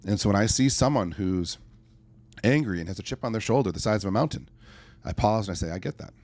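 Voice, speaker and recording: There's no room sound around this lowish, expressive, a-little-mellow male voice, which moves fast. A middle-aged life coach on a podcast, he gives an earnest, conversational answer, weaving in stories and acted asides.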